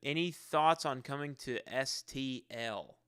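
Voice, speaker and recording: Bright, crisp-voiced man rambling. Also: medium pitch, no echo, studio quality. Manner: rambling, halting, often restarts sentences. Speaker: musician answering fan questions. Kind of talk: casual live-stream Q&A.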